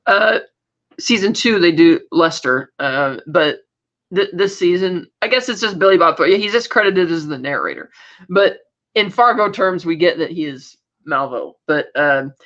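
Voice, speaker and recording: A woman with a lowish voice, lively intonation and a fairly bright tone co-hosts a podcast at a moderate pace, and the audio sounds dull. She recaps TV episodes casually, rambling with lots of fillers and quoted bits.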